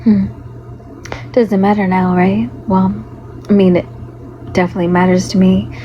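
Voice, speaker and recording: A woman livestreaming in a loose, rambling way, greeting her viewers and fighting a hoarse, fading voice. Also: medium pitch, flat delivery, normal speed. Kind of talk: casual livestream chat. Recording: dull lo-fi stream audio with faint noise.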